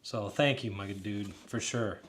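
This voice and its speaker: A man's voice: fairly low pitch, fairly even intonation, unhurried, very noisy. A man in his thirties chatting casually while building, rambling and laughing as he talks straight to his viewers. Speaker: hobbyist builder talking to stream chat. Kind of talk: casual live build chat.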